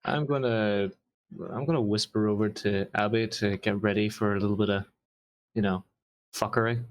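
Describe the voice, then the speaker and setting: A man's voice: on the low side, steady tone, moderate pace, slight background noise. A man playing a tabletop game, blunt and swearing, over an online voice call. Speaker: player. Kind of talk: tabletop role-play chat.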